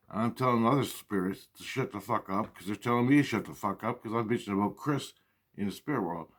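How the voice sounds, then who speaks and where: A man's voice: fairly low pitch, quick pace. A man telling a long, rambling monologue to camera, swearing heavily and repeating and restarting his phrases. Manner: profane, repetitive, restarts often. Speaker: vlogger.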